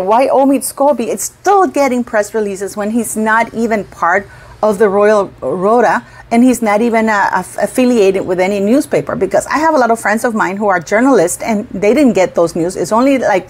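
A woman's voice: mid-range voice, a little mellow. A middle-aged woman hosting her own commentary channel, talking casually and indignantly, repeating words for emphasis.

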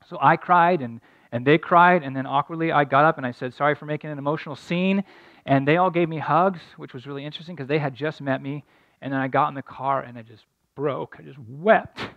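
A man's voice: fairly high pitch, a little fast, no room sound, muffled recording. A middle-aged man preaching a sermon as pastor, telling a story earnestly and building to emphatic points.

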